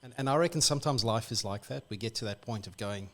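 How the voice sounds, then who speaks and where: An Australian man retelling a bible story on the radio in a lively, animated way. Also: mid-range voice, fast talker. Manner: lively, animated storyteller who acts out characters. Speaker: church guest.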